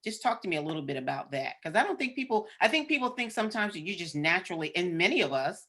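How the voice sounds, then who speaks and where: A woman hosts a casual interview podcast. Her voice sits low for a woman. She keeps the talk affirming and often murmurs agreement with her guest. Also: very animated, quick pace, fairly bright tone.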